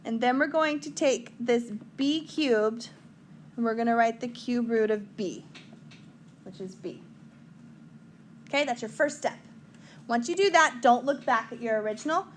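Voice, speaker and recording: A woman's voice: a little high, expressive, unhurried, long pauses, a little hiss or hum. A woman teaching a math lesson at a whiteboard in a chatty, joking way, talking to her students.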